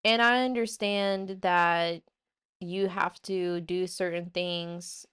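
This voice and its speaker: A woman talks straight to her audience in a loose, rambling vlog monologue, full of fillers and restarts. Her voice sits a little low and sounds smooth and clear. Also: steady tone, takes it slowly, fairly bright tone. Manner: rambling, filler-heavy, many "like" and "you know". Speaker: vlogger. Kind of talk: casual storytelling monologue.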